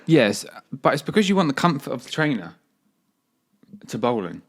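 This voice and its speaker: A man's voice: mid-range voice, big pitch swings, normal speed, husky. A man co-hosting a podcast in casual chat, laid-back and rambling as he explains things. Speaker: podcast co-host, cricketer.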